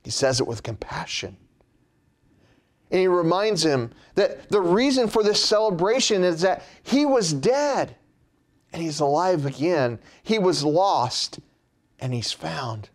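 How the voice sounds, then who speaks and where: A man preaching a sermon in a slow, measured way, his pitch dropping at the end of phrases. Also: animated.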